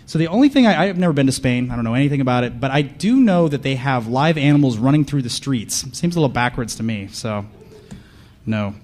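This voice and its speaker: A male conference panelist with an ordinary mid-pitched voice works the room in a loose comedic riff. He sounds sarcastic and mock-paranoid, with a dry, deadpan delivery, and he keeps tossing quick questions at the audience. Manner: sarcastic, riffing, asks the crowd questions. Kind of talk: comedic live talk to an audience.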